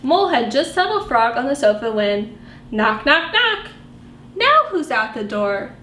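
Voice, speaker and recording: A woman librarian reading picture books aloud to young children, animated and sing-song, asking them questions as she goes. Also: on the high side, moderate pace. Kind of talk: storytime read-aloud for children. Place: library room. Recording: echoey room with faint background noise.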